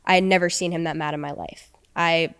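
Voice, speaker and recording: A woman's voice: sits low, steady tone, fairly quick, fairly bright tone, clean tone. A young woman on a podcast, casually recounting a personal story and quoting what was said. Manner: recounting with quoted dialogue. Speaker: podcast guest.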